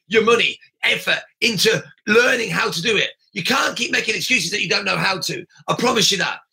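A man's voice: high-pitched, creaky, pushed and bright. A middle-aged man coaching martial arts school owners in a blunt, emphatic podcast monologue, often raising his voice and repeating himself.

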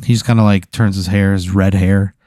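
A man's voice: deep voice, level tone, brisk, warm tone, no room sound, clean studio sound. A man casually improvising a story as game master, talking in a rambling way full of fillers. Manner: rambling, filler-heavy narration.

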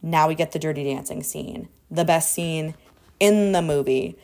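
Young female co-host, casual recap, animated, acts out scenes. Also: deep voice, normal speed, creaky. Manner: animated, gushing, acts out scenes with quoted voices. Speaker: podcast co-host. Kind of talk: casual movie recap chat.

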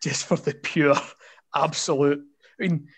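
A man's voice: on the high side, steady tone, measured pace, fairly bright tone. A Scottish man bantering and swearing casually as a guest on a football podcast. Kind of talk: casual chat.

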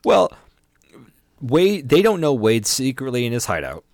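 A man's voice: mid-range voice, big pitch swings, measured pace, a little mellow, no echo, clean studio sound. A man co-hosting a casual book podcast, talking in a playful, teasing way. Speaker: podcast co-host.

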